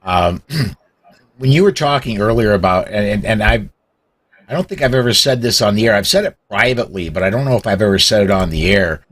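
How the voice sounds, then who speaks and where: A man's voice: lowish voice, expressive, a little fast, fairly bright tone. A man hosting a political podcast in casual talk, who starts with hesitant restarts and then builds to emphatic points. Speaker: podcast host.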